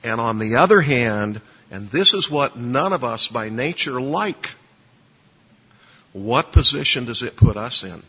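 A man's voice: medium pitch, animated, measured pace, bright, forceful tone, husky. A man lecturing a class on preaching, emphatic, quizzing listeners to fill in blanks in their notes. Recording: dull lo-fi recording with long reverb.

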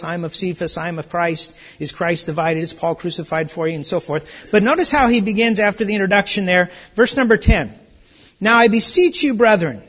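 A man's voice: sits high, fairly bright tone. A man preaching a conversational Bible study sermon, with frequent restarts and emphatic questions. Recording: muffled audio in a reverberant church hall.

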